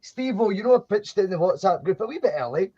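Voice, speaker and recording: A man's voice: sits high, big pitch swings, fast talker, warm tone, husky, dull audio. A Scottish man hosting a podcast in a joking, laid-back chat, swearing and laughing often. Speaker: podcast host. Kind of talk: casual chat.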